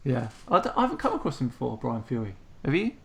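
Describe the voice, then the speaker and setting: Gravelly man hosting a casual chat. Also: medium pitch, huge pitch swings, fast, a crowd in the background. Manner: laughs often, repeats words as he talks. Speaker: host. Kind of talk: casual live-stream chat.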